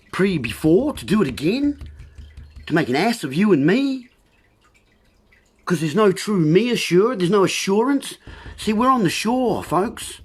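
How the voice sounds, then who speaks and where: A man's voice: high-pitched, husky. A man hosting a livestream, talking in a meandering way full of wordplay and calling his listeners folks. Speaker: livestream host. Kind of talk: rambling livestream monologue.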